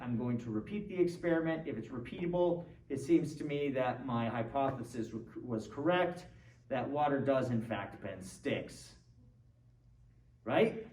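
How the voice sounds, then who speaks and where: A man's voice: mid-range voice, darkish tone. Guy teaching philosophy, talks casual and keeps asking the class stuff, mic far off, faint hiss. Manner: conversational, quizzing students with frequent "right?". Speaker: philosophy lecturer. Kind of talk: classroom lecture. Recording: roomy classroom, distant mic, faint noise.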